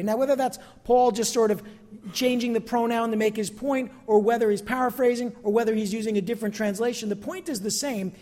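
A man preaching a sermon as pastor, expressive and calling out to his congregation for amens. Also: very high voice, fairly quick, big-room sound.

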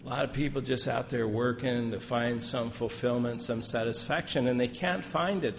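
A man speaking as a missionary at a gathering, telling folksy, joking stories full of asides. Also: medium pitch. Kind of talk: sermon with personal stories. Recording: long hall reverb, faint room noise.

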